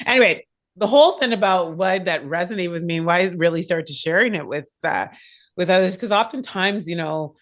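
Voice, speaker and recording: A woman hosting a podcast in casual chat, bubbly and laughing often, with quick bursts of talk. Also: fairly low pitch, expressive. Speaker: podcast host.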